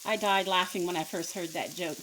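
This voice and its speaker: A woman's voice: lowish voice, fairly even intonation, a little fast, fairly bright tone, slight background noise, poor audio. A middle-aged woman hosting a home cooking video, chatty and folksy, joking about herself as she cooks in her kitchen. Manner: chatty, folksy, self-deprecating. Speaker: cooking channel host. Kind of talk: home cooking demonstration with jokes. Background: faint frying sizzle.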